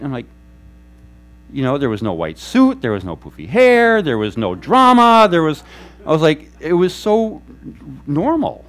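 A man preaching a sermon as a pastor, telling stories in an animated way and acting out quoted voices. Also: on the high side, measured pace. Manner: animated storytelling, acts out quotes. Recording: faint mains hum.

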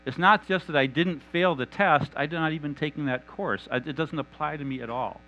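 A man preaching a sermon in an animated, conversational and humorous manner. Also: on the high side, brisk, slight background noise, rough recording.

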